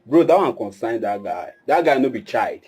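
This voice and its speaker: A man speaking Nigerian Pidgin plays a brash, dismissive kidnapper who jokes loudly. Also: medium pitch, lively intonation, normal speed, breathy edge, soft background music. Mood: cocky. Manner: boastful, dismissive, loud banter. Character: brash young male kidnapper, cocky and dismissive. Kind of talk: film drama acting.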